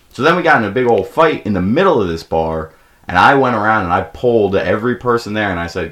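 A young man hosting a podcast, telling rambling comic stories with plenty of swearing and acted-out quotes. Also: fast talker. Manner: profane, animated, acts out quoted people in a high voice. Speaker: podcast host. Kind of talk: casual comedic storytelling.

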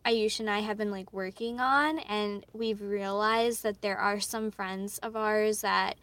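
A woman's voice: mid-range voice, fairly even intonation, measured pace, fairly bright tone, dry recording. A woman in her twenties co-hosting a podcast, chatting casually with lots of fillers and giggles. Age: 20s. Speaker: podcast co-host. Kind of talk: casual chat.

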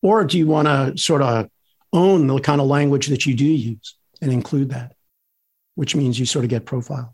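A man with a husky, slightly breathy voice at a medium pitch hosts a casual chat. He throws out playful, provocative questions and plays devil's advocate. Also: normal speed, darkish tone. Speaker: podcast host.

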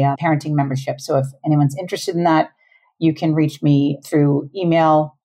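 A woman in her forties with a low, dark, mellow voice. She talks earnestly and casually as a parenting coach on a podcast and laughs often. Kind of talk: casual interview talk.

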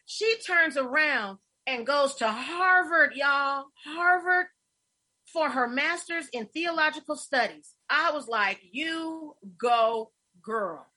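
A middle-aged woman hosting a casual interview, telling stories with warmth and getting emotional, her voice husky. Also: sits high, expressive, takes it slowly. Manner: effusive, storytelling, emotional. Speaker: host.

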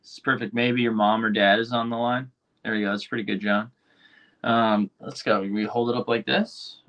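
A man's voice: on the low side, steady tone, normal speed, a bit bright, highs cut off. A young man hosting a livestream, talking to his chat casually and sounding frustrated and restless. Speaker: livestream host.

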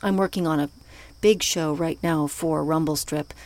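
A woman hosting a podcast, asking gentle, unhurried interview questions and closing the show. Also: low-pitched, fairly even intonation.

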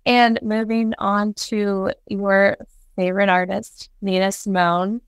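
Woman podcast host, eager and encouraging, smooth mid-pitch voice. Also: level tone, slow pace, no echo. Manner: enthusiastic, encouraging. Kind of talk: interview questions.

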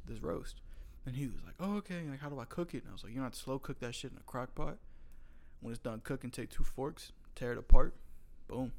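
A young man, a butcher from North Carolina, tells stories from behind the counter in loose, profane chat. His voice has a gravelly fry, and he slips into the voices of his customers. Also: medium pitch. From North Carolina, USA. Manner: profane, storytelling, acts out customers. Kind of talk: casual chat.

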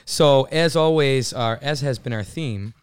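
A young male podcast co-host chatting casually and earnestly. His voice is smooth and resonant, recorded close and dry with no room sound. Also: mid-range voice, measured pace, dry recording.

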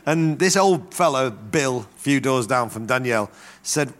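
A man's voice: mid-range voice, unhurried. A middle-aged man preaching a sermon, telling stories and acting out the voices of the people in them. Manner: animated storytelling with acted-out quotes.

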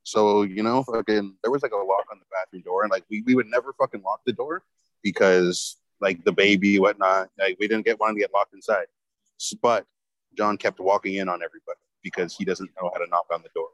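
A man's voice: fairly low pitch, fairly even intonation, fairly quick, no room sound, low-quality recording. A man telling a rambling story in casual chat, swearing heavily and filling his talk with "like.". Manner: rambling, heavy swearing, lots of fillers.

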